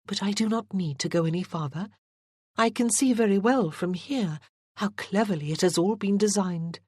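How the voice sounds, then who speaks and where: A proud young lady with a spirited, haughty bite, as an audiobook reader puts her on, her lines pitched clearly higher and pushed with bristling emphasis. The voice is dry and close. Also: moderate pace, no echo, close to an everyday voice. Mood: guarded. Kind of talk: audiobook character reading.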